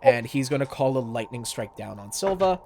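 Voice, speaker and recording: A man narrating a tabletop game as game master, brisk and stumbling at times. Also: mid-range voice, lively intonation, gravelly, darkish tone.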